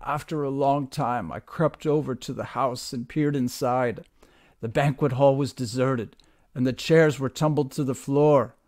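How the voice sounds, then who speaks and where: A man's voice: mid-range voice, steady tone, a little slow, darkish tone, natural voice. Guy doing a scared sailor begging to leave, storybook voice. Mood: miserable. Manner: pleading, miserable. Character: terrified young sailor man, sobbing and pleading.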